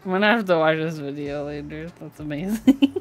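A woman's voice: sits low, brisk, a little hiss or hum. A young woman streaming from home as she builds a keyboard, chatting casually with frequent giggles and lots of "like". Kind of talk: casual live-stream chat.

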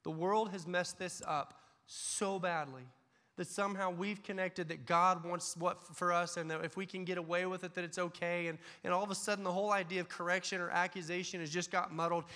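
A man's voice: sits high, fairly even intonation, brisk, pushed and bright, long reverb tail. A man preaching a sermon to a church congregation, telling stories and acting out the voices in them. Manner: storytelling preacher, acts out voices in anecdotes. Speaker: pastor. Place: church sanctuary.

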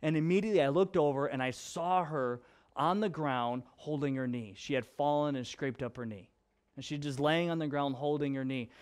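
A pastor with a fairly high-pitched voice preaches, mixing scripture with a story from home. He talks in a loose, conversational way and moves between emphatic and hushed. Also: smooth. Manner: conversational with restarts and fillers. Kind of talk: sermon with personal storytelling.

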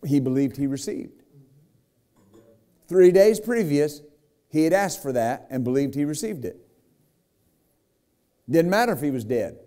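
Mellow-voiced preacher man, emphatic and lively. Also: a little high, measured pace, long pauses. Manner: retells scripture with lively acted quotes; emphatic, frequent "right?" and "amen?". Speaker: pastor. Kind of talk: sermon.

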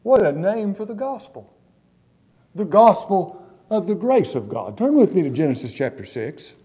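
A male pastor preaching a sermon in a church, stressing key words slowly and putting questions to the congregation. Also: high-pitched, sing-song, dark tone, husky.

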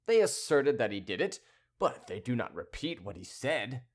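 A man's voice: mid-range voice, sing-song, normal speed. A man voicing a proud, hot-tempered middle-aged cavalier who speaks haughtily and impatiently, pushing his voice up.

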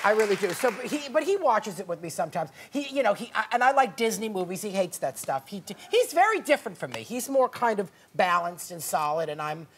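A man from Massachusetts, a guest entertainer talking fast and camply in a talk show interview. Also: high-pitched, some chatter behind, a little hiss or hum. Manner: animated, fast-talking, campy comic.

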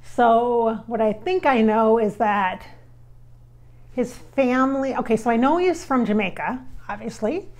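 Chatty psychic woman host, a bit high. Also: measured pace, a little mellow. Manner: chatty, rambling, self-deprecating. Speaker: psychic medium and channel host. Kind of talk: casual chat.

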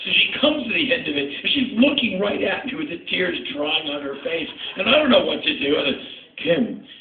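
Middle-aged male storyteller, dry and punchy, a bit high-pitched, heard from across an echoing club through a tinny recording. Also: a little fast. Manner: animated, sardonic, punchy delivery. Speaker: spoken word performer. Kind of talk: stand-up storytelling. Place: nightclub stage. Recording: echoey club audio, tinny and distant.

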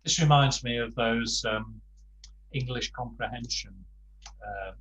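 Older male tutor, video call, slow and halting, lots of fillers. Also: medium pitch, background noise. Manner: slow, hesitant, many fillers and restarts. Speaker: Spanish class tutor. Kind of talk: online language lesson.

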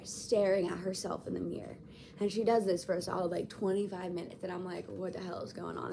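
A woman's voice: medium pitch, creaky, slight background noise. Chatty young woman telling a story. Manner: animated, chatty, dramatic asides. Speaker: vlogger. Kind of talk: casual storytelling. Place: hospital room.

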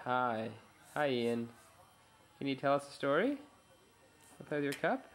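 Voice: medium pitch, sing-song, unhurried. A parent at home, filming their baby on a handheld camcorder and coaxing them in playful, sing-song baby talk.

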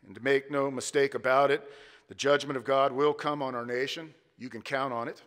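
A pastor preaching a sermon with emphatic delivery and rhythmic repetition. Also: male voice, mid-range voice, fairly even intonation, brisk, a bit bright. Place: church sanctuary. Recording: long church reverb.

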